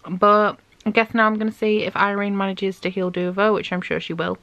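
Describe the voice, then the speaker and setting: A woman's voice: mid-range voice, little pitch movement, fairly quick, fairly bright tone, muffled recording. A young woman chatting casually in a book diary, gushing about what she reads and saying "like" a lot. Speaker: book vlogger.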